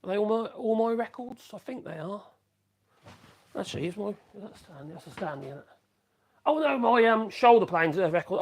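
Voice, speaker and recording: His voice is high, animated, and a little fast as he talks his way through a woodworking live stream. The chat is casual and rambling, with self-corrections and bits of humming between ideas.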